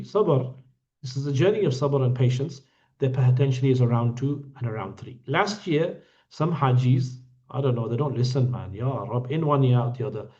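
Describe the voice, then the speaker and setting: Fielding questions online from his hajj group, a man with a slightly mellow, fairly high voice gets blunt, jokes teasingly, and occasionally scolds. The sound quality is dull lo-fi.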